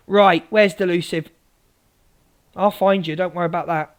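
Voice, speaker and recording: A woman's voice: fairly low pitch, fairly even intonation, moderate pace, pauses often. A woman ranting angrily at viewers on a live stream, swearing and repeating herself.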